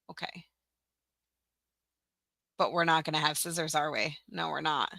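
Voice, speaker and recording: A young adult woman runs a casual live-stream tutorial, narrating her own clicks and teasing herself as she goes. Her voice sits low but bright, with a gravelly edge. The sound is close and dry, with no room echo. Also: steady tone, unhurried, pauses often. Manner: chatty, self-mocking, talks to herself while working, laughs often. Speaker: teacher-resource creator hosting a live stream.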